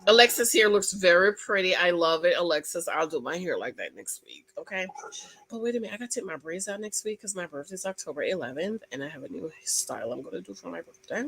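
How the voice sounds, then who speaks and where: A woman hosting her own channel, chatting through a reality TV recap with gossipy asides and quick exclamations. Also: fairly low pitch, lively intonation, creaky, a bit bright, slight background noise. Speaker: channel host. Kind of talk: casual reality TV recap commentary.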